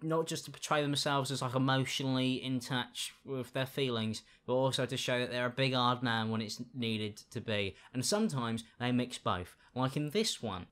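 A man giving casual reaction commentary, with sarcastic, deadpan asides. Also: medium pitch, moderate pace, hardly any pauses. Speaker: YouTube commentator.

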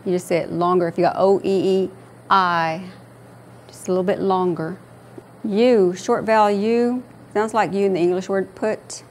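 A woman instructor teaching a language class, slowly repeating each word for her students in a patient manner. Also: mid-range voice, steady tone, a little hiss or hum.

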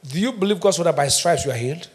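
A man's voice: a little high, lively intonation, racing. A middle-aged man with a Nigerian accent preaching a sermon as pastor, emphatic, asking the congregation questions and having them answer. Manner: emphatic call-and-response preaching.

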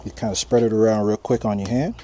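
A man's voice: on the low side, fairly even intonation, fast talker, warm tone, faint music behind. A man hosting a casual cooking vlog outdoors at a grill, talking straight to his viewers in a laid-back, chatty way. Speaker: cooking channel host. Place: outdoors at a charcoal grill, windy. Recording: outdoor noise of wind and popping fire. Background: wind and crackling fire.

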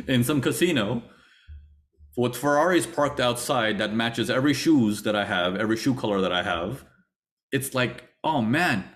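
A man teaching a trading webinar, telling his own story with acted-out thoughts and repeated phrases. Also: medium pitch. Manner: animated storytelling, acts out his past thoughts. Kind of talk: webinar lecture.

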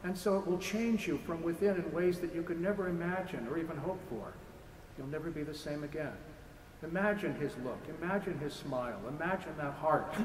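A man, a priest giving a lecture sermon in a church, speaking with impassioned, repetitive rhetorical build-ups. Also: a little high. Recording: echoey church hall with faint noise.

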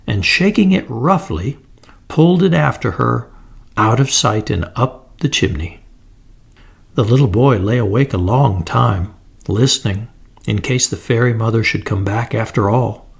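A man reading a fairy tale aloud in a slow, deliberate storybook narration. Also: medium pitch, gravelly, breathy edge.

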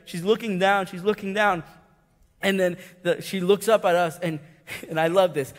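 A man with a high voice preaching a sermon, his words ringing out with a long church-hall echo. He tells a story with swings from loud, excited passages down to hushed, tender asides. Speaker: pastor. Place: church sanctuary.

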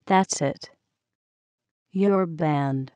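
Bossy male dinosaur, scolding and impatient, read by a woman storyteller; slow, dry delivery. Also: low-pitched, warm tone, smooth, no echo. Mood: cross.

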